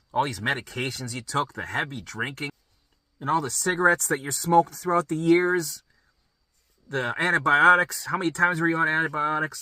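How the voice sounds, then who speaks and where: Blunt, husky man with a very bright voice. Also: on the high side, no room sound. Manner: blunt, profane, emphatic pep talk. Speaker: recovery coach. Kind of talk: motivational monologue.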